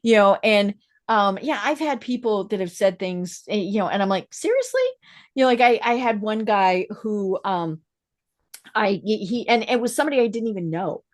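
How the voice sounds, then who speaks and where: A woman hosting a podcast, talking frankly about personal experiences and listening with steady agreement. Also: mid-range voice, moderate pace. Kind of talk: casual podcast conversation.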